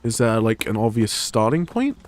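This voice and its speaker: Crude, rambling gaming streamer. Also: male voice, lowish voice, very animated, normal speed. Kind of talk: gameplay live stream commentary.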